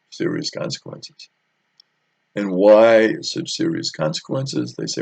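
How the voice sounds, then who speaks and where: Man, Bible storyteller: very low, gravelly voice with lively pitch, easygoing and full of fillers. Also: slow pace, no room sound. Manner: conversational storytelling with many fillers. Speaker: Bible teacher.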